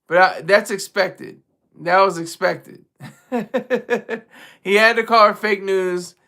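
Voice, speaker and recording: Male streamer host, high and bright, animated casual commentary with lots of restarts. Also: slow. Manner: animated, repeats and restarts phrases.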